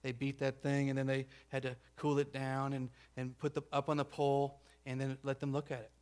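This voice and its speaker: A pastor preaching a conversational sermon, checking in with the congregation and acting out the grumbling crowd. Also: male voice, mid-range voice, monotone, brisk, a little mellow. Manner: acts out grumbling crowd voices.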